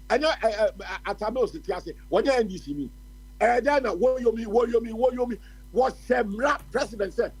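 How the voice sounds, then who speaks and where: A Ghanaian man delivers heated radio commentary, mixing Twi with English. His voice sits high and swoops widely, and it has a husky edge. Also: poor audio. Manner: impassioned, ranting. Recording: radio phone-in stream.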